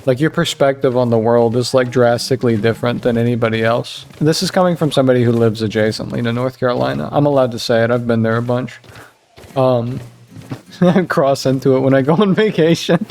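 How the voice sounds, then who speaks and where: A young man from Virginia chatting casually while playing a game, rambling and joking, jumping up in pitch to make a point. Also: fairly quick, darkish tone. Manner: rambling, joking, jumps into higher pitch for emphasis. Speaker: gaming streamer. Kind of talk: casual gameplay commentary.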